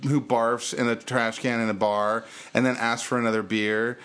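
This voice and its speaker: A young man hosts a casual podcast and tells a long story from behind a bar. He acts out every quote with sudden leaps in his voice. He sounds like an everyday mid-pitched speaker. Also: moderate pace, clear, resonant tone. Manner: animated, acts out quotes with big pitch jumps. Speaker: podcast host.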